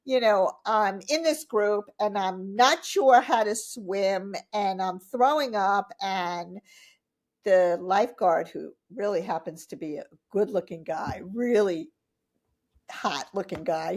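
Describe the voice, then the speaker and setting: A woman in her fifties, a guest on a podcast, telling stories in a casual, animated way, laughing often and acting out what people said. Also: medium pitch. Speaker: podcast guest, triathlete and coach. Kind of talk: casual interview storytelling.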